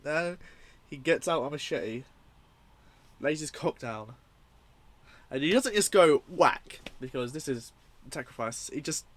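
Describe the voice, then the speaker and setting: A young man reviewing a horror film in a casual, rambling, profane and excitable way. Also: a little high, measured pace, pauses often.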